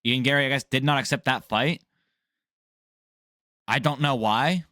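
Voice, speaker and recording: A man in a casual, profane sports rant, blunt and jokey. His pitch sits in the middle range for a man. The sound is close and dry with no room echo. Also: a little slow, sharp tone. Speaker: MMA news vlogger. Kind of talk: casual ranting commentary.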